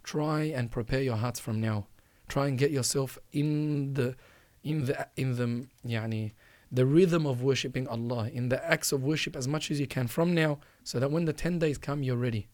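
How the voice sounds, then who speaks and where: A man's voice: medium pitch, moderate pace, hardly any pauses, darkish tone, dry recording. Earnest man urging listeners, dry sound. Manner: earnest, exhorting, repeats phrases for emphasis. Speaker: podcast host. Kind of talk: religious advice talk.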